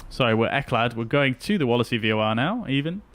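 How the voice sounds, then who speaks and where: A chatty man, speaking at a middle pitch as he streams a flight simulator. He talks casually to his viewers as he flies, and faint music plays behind him. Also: animated, fast talker, a bit bright. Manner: chatty, talks to chat while flying. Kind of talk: casual live-stream commentary.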